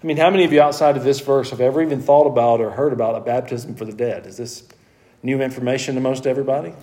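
A man's voice: medium pitch, fairly even intonation, fast talker, warm tone. A man teaching a Bible study to a group in a conversational way, talking with the class and growing more emphatic as he explains the passage.

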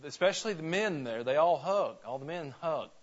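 A man's voice: on the high side, expressive, moderate pace, lo-fi sound. A man from Georgia preaching a conversational sermon to his church, folksy and full of questions to the congregation. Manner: folksy, asks the congregation questions, frequent restarts. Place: church sanctuary.

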